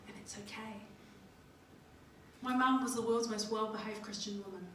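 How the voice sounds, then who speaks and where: A woman's voice: mid-range voice, steady tone, moderate pace, long pauses, fairly bright tone. Middle-aged New Zealand woman, conference speaker, jokey storyteller, heard from a distance in a reverberant hall with room noise. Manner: chatty, jokey, acts out little dialogues. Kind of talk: humorous motivational talk. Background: audience laughing.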